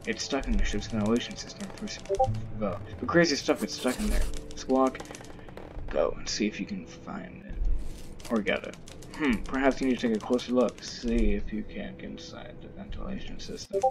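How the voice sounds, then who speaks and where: A man's voice: medium pitch, lively intonation, normal speed, lightly acted. A man voicing a pompous, bossy talking male seagull from a video game, with game music behind. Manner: haughty, bossy, reading dialogue aloud.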